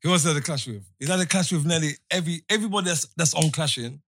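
A man's voice: a little high, racing, a bit bright, a little hiss or hum. A young man in a casual chat, hesitant and defensive, often stammering and restarting.

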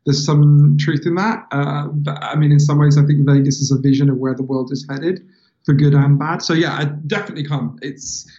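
A man from England with a London accent, a guest author in a casual interview, telling stories in an animated, chatty way and laughing often. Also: on the high side, fairly quick, lo-fi sound. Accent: London English.

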